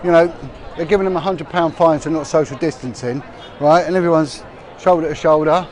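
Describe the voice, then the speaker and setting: Brisk and fairly high-pitched, this middle-aged man chats loosely as he livestreams a walk through crowded city streets, full of fillers and false starts. A faint crowd murmurs behind him, along with passers-by and traffic.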